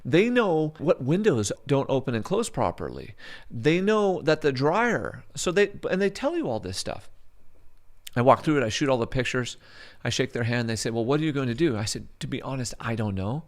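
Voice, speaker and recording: A man in his forties, a real estate investor, telling a story in a casual monologue and acting out both sides of the dialogue. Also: mid-range voice. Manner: animated storyteller, acts out dialogue.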